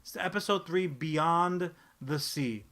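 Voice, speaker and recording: Male podcast co-host, somewhat high, forceful voice, swears freely, loose rambling delivery. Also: takes it slowly. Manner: animated, profane, rambling with frequent restarts. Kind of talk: casual pop-culture podcast chat.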